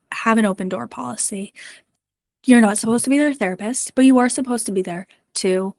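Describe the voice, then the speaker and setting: A woman's voice: mid-range voice, dry recording. Woman coach giving a talk, earnest and encouraging, lots of ums, pretty dry close sound. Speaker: mental performance coach. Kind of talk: presentation to parents and coaches.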